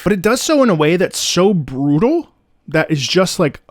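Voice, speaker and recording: Lively man breaking down a game soundtrack, bouncy pitch, scats the tunes, dry sound. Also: normal speed, dry recording. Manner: excitable, sings out melodies in scat syllables; profane asides, chatty fillers. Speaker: video game music analyst. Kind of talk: casual music breakdown commentary.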